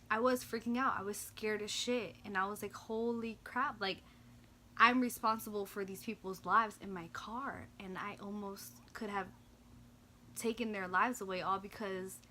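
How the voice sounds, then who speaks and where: A young woman vlogger casually telling a story, animated and slangy, full of "like" and swearing. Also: medium pitch, moderate pace, a little hiss or hum.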